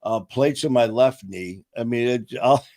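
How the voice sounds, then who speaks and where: Middle-aged male host with mid-range pitch; relaxed, profane storyteller who laughs as he talks. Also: a little slow. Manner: animated, profane, laughs through his stories. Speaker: podcast host. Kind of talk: casual storytelling chat.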